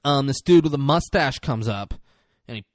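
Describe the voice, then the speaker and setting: A man on a comedy podcast retells a movie scene by scene, jumping into the characters' lines as he goes. His voice sits in a middle pitch and sounds close and dry, with no room around it. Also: moderate pace, no echo. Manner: animated retelling, acting out lines with profanity. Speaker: podcast co-host. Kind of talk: casual movie recap chat.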